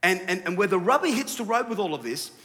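A male pastor preaching a sermon, animated and rising to shouts for emphasis. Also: high voice, fast talker, in a large hall.

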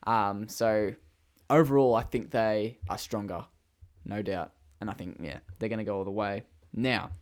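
A young Australian man hosting a casual football tipping chat, relaxed and quick to laugh. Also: on the low side. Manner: relaxed, leads the segments, laughs easily. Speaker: podcast host.

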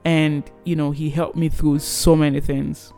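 A young man in his twenties casually telling a personal story, animated and rambling with many restarts. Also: fairly high pitch, a little slow, vocal fry, clean tone, soft background music.

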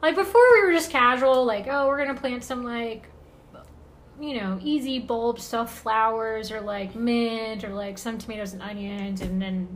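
A young woman chats as a podcast guest in a slightly higher voice. Her talk is relaxed and rambling, full of "like" and small restarts, with faint background noise. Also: normal speed. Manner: relaxed, rambling, many fillers like "like". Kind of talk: casual podcast chat.

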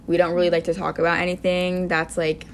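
A teenage girl chats loosely on her podcast, her voice sitting a little low. She rambles with plenty of "like" and "you know". A faint hiss of noise sits under the recording. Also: level tone, fast talker. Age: teens. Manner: rambling, frequent "like" and "you know", laid-back. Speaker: podcast co-host. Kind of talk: casual chat.

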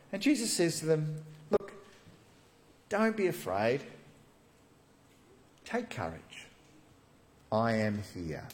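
A man preaching a sermon, animated and acting out the voices of the people in the passage he reads. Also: medium pitch. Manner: animated, acts out quoted voices.

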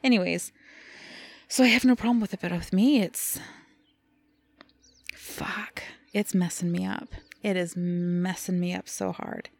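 A podcast co-host talks candidly and rawly about her feelings in a casual chat, swearing freely and laughing at herself. Her voice is on the low side, steady, creaky, and a little mellow, with an unhurried pace and long pauses.

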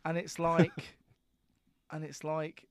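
A man chatting casually as a podcast co-host, crude and animated when he tells stories. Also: a little high, extremely slow, dry recording, studio quality. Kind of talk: casual chat.

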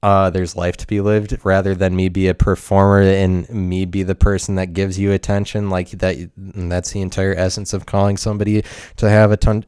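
A man delivering a rambling, scattered monologue, cursing often and breaking into sudden loud outbursts. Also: on the low side, smooth, dry recording, clean studio sound.

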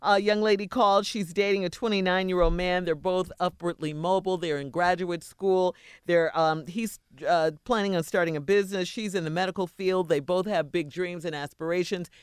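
Smooth-voiced man reading a listener letter. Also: sits high, steady tone, moderate pace, hardly any pauses, dry recording, clean studio sound. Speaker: radio show host.

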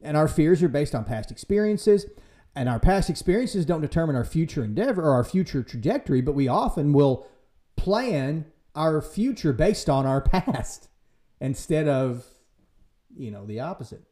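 A man hosting a casual church podcast, talking in a lively way and acting out quoted voices for humor. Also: on the high side, normal speed. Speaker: podcast host and church leader. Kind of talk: casual faith discussion.

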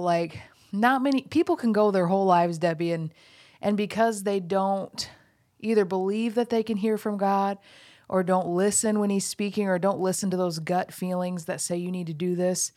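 A woman hosting a casual faith chat, animated and affirming as she talks with her guest. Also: medium pitch, moderate pace.

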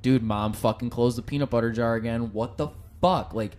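A man co-hosting a relaxed podcast, talking in loose, rambling jokes full of swearing. His voice has an everyday middle pitch. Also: a little fast. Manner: joking, profane, rambling. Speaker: podcast co-host. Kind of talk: casual chat.

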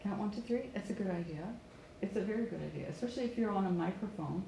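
A woman's voice: mid-range voice, quick pace, gravelly, warm tone, a little hiss or hum. A woman from Canada, a pronunciation coach, teaching a live lesson and stressing words and repeating phrases for students to echo back.

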